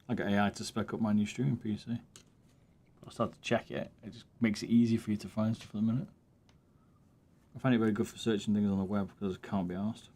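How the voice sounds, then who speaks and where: A relaxed man chats with his viewers during a live game stream. His voice sits a little low, and his talk is loose and casual, peppered with swearing. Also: gravelly, a little hiss or hum. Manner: laid-back, swears freely, chats to viewers. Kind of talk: casual chat while gaming.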